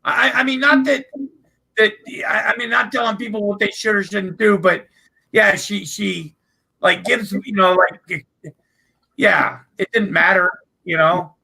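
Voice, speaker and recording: A man in casual group chat, rambling and halting, gossiping about people on a stream. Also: high voice, vocal fry, sharp tone, husky, low-quality recording. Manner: rambling, halting, full of restarts and fillers.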